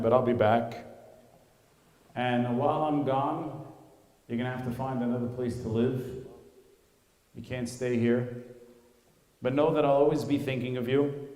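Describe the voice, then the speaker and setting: A solemn father speaks calm, reassuring words, as a man puts him on. His voice is mellow and of middle pitch. It is heard in a roomy hall with a long reverb tail. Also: close to an everyday voice. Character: solemn father taking leave of his family.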